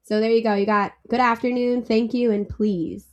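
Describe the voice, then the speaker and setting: A woman being interviewed as a travel company founder, chatty and animated, laughing easily as she tells stories. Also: fairly high pitch, normal speed, lo-fi sound. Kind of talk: casual interview.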